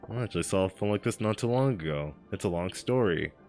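A man streaming a game, chatting casually, laughing often and thinking out loud as he works through clues. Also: on the low side, lively intonation. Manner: laughs often, thinks aloud, spells words out slowly. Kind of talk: casual gameplay chat. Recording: faint game music behind.

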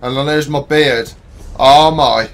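A man's voice: medium pitch, steady tone, slow pace. A young man chatting while he plays a video game, rambling and hesitant but playful. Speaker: gaming channel co-host. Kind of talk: casual gameplay banter.

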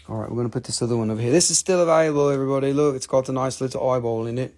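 A man's voice: mid-range voice, fast, darkish tone. A man hosting a casual live crystal sale, joking and rambling playfully. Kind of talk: casual live sales stream.

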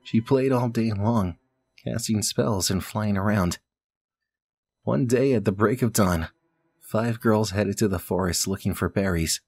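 A man with a low voice plays through a puzzle game, reading the story text aloud. He breaks off to mutter to himself and curse. His voice sounds dry and close, with no room echo. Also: unhurried, darkish tone, slightly rough. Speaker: let's play gamer.

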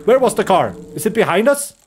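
High-voiced jittery man gaming. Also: very animated, brisk, noisy background. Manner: jittery, swearing, nervous laughter, talks to himself. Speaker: horror game streamer. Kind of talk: let's play commentary.

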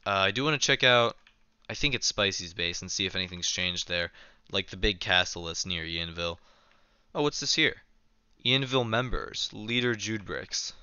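A man's voice: fairly low pitch, sharp tone, smooth, dry recording, muffled recording. A young man casually live-streaming a game, chatting and reading his chat aloud with a self-mocking manner, keyboard clicks behind.

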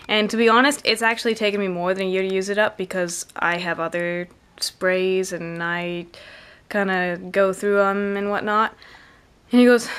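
A woman's voice: medium pitch, steady tone, measured pace, a bit bright, smooth. A young woman vlogging to camera, chatty and rambling with many fillers, on the camera's own mic. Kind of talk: casual chat to camera.

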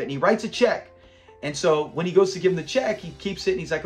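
A man's voice: on the high side, quick pace, soft background music. A man hosting a casual episode review, animatedly retelling scenes, acting out quotes and laughing often. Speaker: show review channel host.

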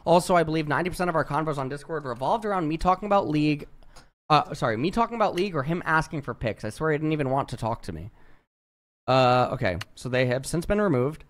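A man's voice: a little high, expressive, fast, fairly bright tone. Blunt, profane young streamer guy. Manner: profane, blunt, heavy use of "like". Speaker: streamer reacting to chat logs. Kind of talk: casual stream commentary.

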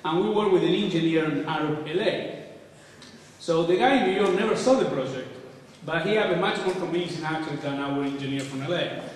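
Male lecturer, casual and irreverent; slightly high voice, long hall reverb, faint background hiss. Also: a little fast, distant mic. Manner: casual, irreverent, occasionally swearing. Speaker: architect giving a lecture. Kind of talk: informal lecture. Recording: echoey hall, voice from afar.

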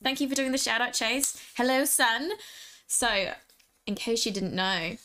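A woman's voice: on the high side, normal speed, sharp tone. A young woman streamer chatting casually and jokily with her viewers. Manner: chatty, giggly, jokey. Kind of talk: casual live-stream chat.

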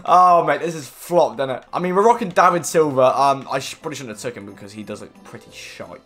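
Excitable young gamer shouting at play. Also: male voice, mid-range voice, brisk, faint music behind. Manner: excitable, swears, shouts at the game. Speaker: gaming YouTuber. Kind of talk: live gameplay commentary.

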